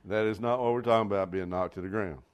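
Low-voiced preacher with sweeping emphasis. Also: male voice, a little hiss or hum. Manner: storytelling preacher with sweeping pitch rises. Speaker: pastor. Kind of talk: sermon.

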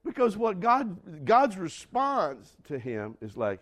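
A man preaching a sermon, acting out dialogue and putting questions to the congregation, swinging from loud outbursts to quiet asides. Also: on the high side, animated, takes it slowly, hardly any pauses. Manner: acts out quoted dialogue, asks the congregation questions. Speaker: pastor.

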